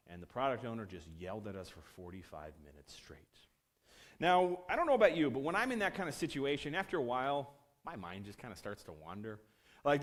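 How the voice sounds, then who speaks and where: A male conference speaker tells a workplace story to an audience. His pitch swings widely as he acts out the quoted lines. His speech is casual and loose, full of restarts and asides.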